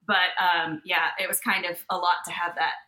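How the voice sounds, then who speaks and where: A woman co-hosting a podcast, telling a story in a casual, animated way and acting out the people in it. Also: fairly low pitch, moderate pace, echoey room, rough recording. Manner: animated, acts out voices in her stories. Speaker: podcast co-host.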